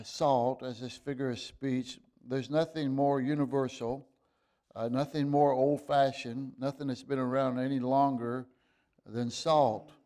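A man preaching a sermon, reading scripture aloud and explaining it in a halting way, with fillers and restarts, rising to emphatic bursts. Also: medium pitch, dark tone. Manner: reads scripture in old-fashioned wording.

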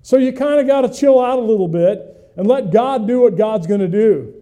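A man's voice: high-pitched, animated, normal speed, dark tone. A middle-aged male pastor preaching a conversational sermon, folksy and full of questions to the congregation, with self-mocking humor.

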